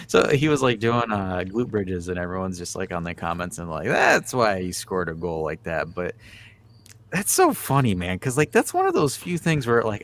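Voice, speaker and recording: A young man co-hosting a podcast, chatting casually and jokily about football and filling his talk with "like". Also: mid-range voice. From United States. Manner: jokey, animated, lots of "like". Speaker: podcast co-host.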